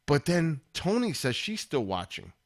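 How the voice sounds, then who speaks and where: A man's voice: fairly high pitch, big pitch swings, measured pace. A man hosting his own live stream, chatting casually and rambling as he talks straight to viewers in chat.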